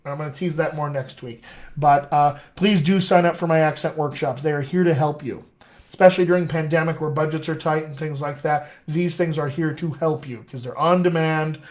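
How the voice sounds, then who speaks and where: A man who is a dialect coach giving an enthusiastic live acting lesson, talking straight to viewers and slowing down to read verse aloud. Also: fairly high pitch, steady tone. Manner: enthusiastic, direct, addresses viewers as friends. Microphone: webcam or laptop mic on a live stream.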